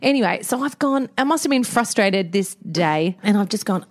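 A woman's voice: mid-range voice, lively intonation, normal speed. A woman, co-hosting a casual chat about parenting. She tells stories with lots of laughter and acts out what people said. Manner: chatty storyteller, laughs often, acts out quotes. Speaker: podcast co-host.

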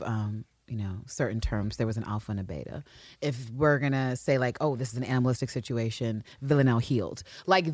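A woman's voice: deep voice, darkish tone, no echo, studio quality. A woman co-hosting a podcast, chatting casually and animatedly, acting out characters' lines with slang and swearing. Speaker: podcast co-host. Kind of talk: casual recap chat.

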